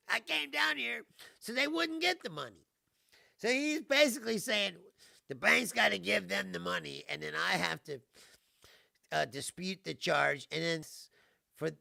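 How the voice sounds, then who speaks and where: A man's voice: sits high, lively intonation, unhurried, vocal fry, pauses often, bright, forceful tone, no room sound, studio quality. A middle-aged man hosting a live stream, telling a story in a casual, exasperated rant, laughing and swearing as he goes. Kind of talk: casual ranting monologue.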